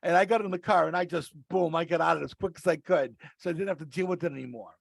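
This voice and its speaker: Brief: male podcast regular, raspy high voice, loose storyteller. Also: very fast, no room sound. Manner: rambling, restarts mid-sentence. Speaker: podcast regular, rideshare driver. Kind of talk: casual storytelling.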